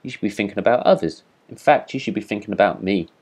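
A man's voice: on the low side, expressive, fast, darkish tone, husky. A man voicing a pompous, vain talking firework rocket in a read-aloud storybook, haughty and indignant. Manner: haughty, self-important, indignant.

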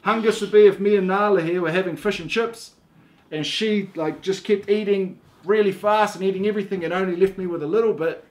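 A young father with a New Zealand accent talks through a casual home lesson. His delivery is playful and laid-back, with halting starts and easy restarts. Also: sits high. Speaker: dad teaching his young daughter slang. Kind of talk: casual instructional video.

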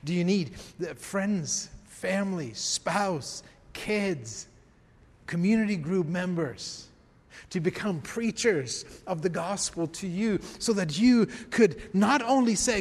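A man preaching a sermon as pastor, emphatic, swinging from quiet to raised. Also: high voice, animated, slow pace, long reverb tail. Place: church.

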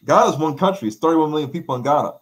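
A man with an African American English accent, a guest in an interview, telling stories in an animated way, repeating phrases and acting out quotes. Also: a little high, very fast. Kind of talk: animated conversational storytelling.

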